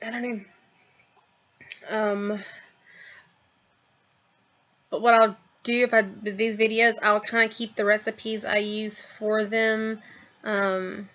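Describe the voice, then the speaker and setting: A woman's voice: mid-range voice, flat delivery, slow, pauses often, a bit bright, dull audio. A woman in her thirties chatting casually to her camera at home, rambling with lots of ums and trailing asides. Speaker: vlogger. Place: at home, in a house.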